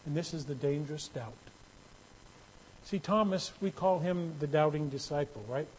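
A man's voice: a little high, moderate pace, slight background noise, poor audio. A man preaching a sermon in a conversational way that builds into emphatic, raised passages. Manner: conversational, rising to emphatic bursts. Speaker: pastor.

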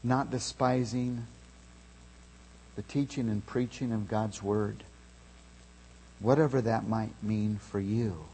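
A man preaching a sermon, telling a story with loud shouted calls at its peak. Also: fairly low pitch, steady tone, slow, creaky, pauses often, slight background noise. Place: church sanctuary. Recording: long reverb of a large hall.

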